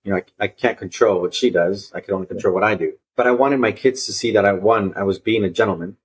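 Appearing as a guest on a podcast, a fast-talking man with a fairly low voice tells personal stories in an earnest, reflective way. He often repeats and restarts his phrases.

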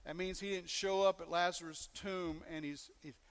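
A male pastor preaching a sermon, animated, often checking in with the congregation with questions. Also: sits high, moderate pace, big-room sound, a little hiss or hum.

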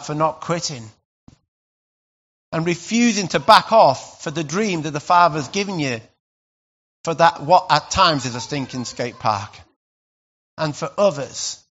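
Bright high-voiced male preacher. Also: measured pace, long pauses, lo-fi sound. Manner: animated, conversational preaching with sudden loud bursts. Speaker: pastor. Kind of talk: sermon.

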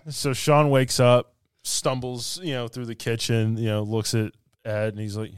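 A man's voice: mid-range voice, unhurried, long pauses, clean tone, dry recording. Laughing man retelling a film, dry sound. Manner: animated retelling, laughing often. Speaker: podcast co-host. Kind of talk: casual film review chat.

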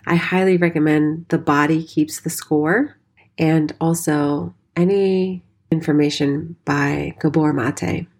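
A dance teacher and studio owner in her forties tells her life story candidly in a personal monologue, swearing freely. Her voice is low-pitched with a darkish tone.

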